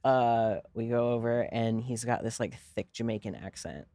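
A man's voice: mid-range voice, moderate pace, crowd noise. Young man telling a rambling story. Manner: rambling, profane, lots of fillers. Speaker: podcast co-host. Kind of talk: casual storytelling chat.

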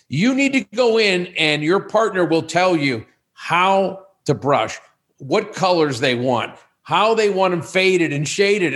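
A man in his sixties talks as a guest on a podcast, his voice sitting a little high for a man. He tells stories in a casual, animated way, slipping into the voices of the people he quotes. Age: 60s. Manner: animated storyteller who acts out quoted dialogue. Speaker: guest, sexual wellness business owner.

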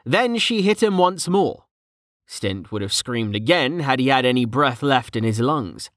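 A man narrating a story in a steady, even storytelling manner. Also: mid-range voice, measured pace, no echo, studio quality. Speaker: audiobook narrator. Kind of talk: scripted narration.

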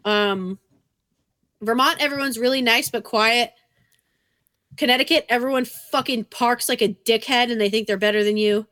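A woman's voice: a little high, moderate pace, fairly bright tone. Blunt, profane New woman. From New England. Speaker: podcast co-host. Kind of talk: casual chat.

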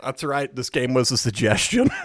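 A man co-hosting a podcast in casual chat, blunt, profane and excitable, laughing often. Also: medium pitch, unhurried, a little hiss or hum. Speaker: podcast co-host.

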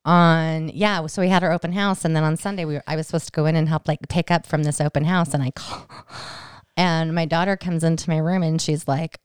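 A woman's voice: deep voice, fairly even intonation, brisk, clear, resonant tone, no echo, clean studio sound. A woman in her forties co-hosting a podcast, chatting casually and acting out family dialogue as she tells a story. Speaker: podcast co-host. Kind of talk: casual chat.

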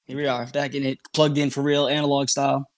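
A man telling a story as a podcast guest, casual and animated, swearing freely and acting out what people said. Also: medium pitch, quick pace, no room sound, clean studio sound. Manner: animated, swears freely, acts out quoted talk.

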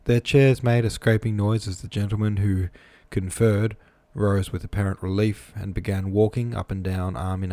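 A man's voice: low voice, dark tone, no room sound. A man reading a novel aloud, plain with casual asides, close-miked in a small room. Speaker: reader.

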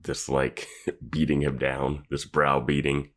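A man's voice: extremely low pitch, completely flat delivery, slow pace, fairly bright tone. A man co-hosting a podcast, chatting casually with dry, wry remarks and easy laughter. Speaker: podcast co-host. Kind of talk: casual recap chat.

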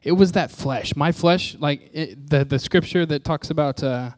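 A man's voice: a little high, normal speed, no room sound. A man preaching a personal testimony sermon, telling his story candidly and poking fun at himself as he acts out what people said. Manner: candid, self-mocking storytelling with acted-out quotes.

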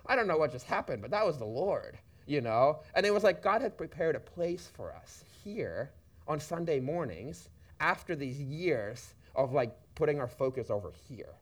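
A man's voice: a little high, sing-song, normal speed. A man telling a personal story in a church talk, casual and checking in with listeners often. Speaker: church speaker. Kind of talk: shared sermon talk.

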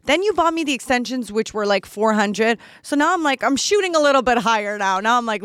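A woman's voice: a little high, lively intonation, a little fast, few pauses, a bit bright, clear, resonant tone, dry recording. A young woman hosting a solo podcast, chatting casually while unboxing gifts, gushing and a little bratty, with lots of "like" fillers. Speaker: podcast host.

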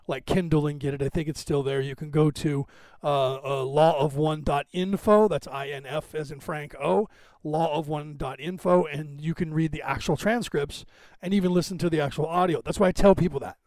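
A man's voice: fairly high pitch, steady tone, normal speed, a little mellow, dry recording. A man hosting a podcast, talking in a digressive, self-assured casual monologue full of asides and tangents. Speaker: podcast host.

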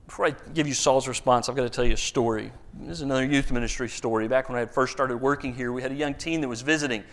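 A man preaching a sermon, telling stories with lively emphasis and frequent word repeats. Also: fast. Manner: animated storyteller, rises loud and high for emphasis, repeats words. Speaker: pastor.

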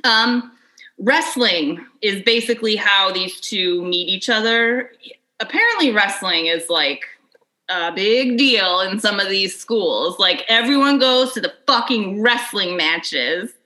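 A woman in her thirties co-hosting a casual chat, blunt and chatty and quick to swear. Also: medium pitch, expressive, pushed and bright, rough recording. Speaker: podcast co-host.

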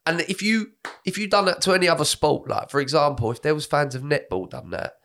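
A man, co-hosting a casual podcast chat, sweary and animated as he tells stories. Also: on the high side, brisk, a little hiss or hum. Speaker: podcast co-host.

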